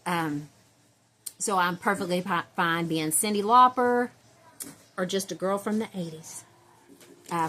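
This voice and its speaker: A woman's voice: lowish voice, fairly bright tone, slight background noise. A woman, chatting casually to her viewers at home in a rambling way, full of fillers and restarts. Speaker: vlogger.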